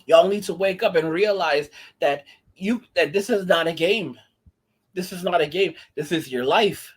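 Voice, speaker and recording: Ranting man with a high voice. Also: normal speed, husky. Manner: indignant, rambling, many restarts. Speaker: commentary channel host. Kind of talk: ranting casual commentary.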